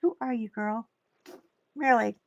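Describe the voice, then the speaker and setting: Animated high-voiced woman telling stories. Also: measured pace, gravelly, no echo, lo-fi sound. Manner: animated storyteller, acts out quotes. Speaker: guest. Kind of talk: casual chat.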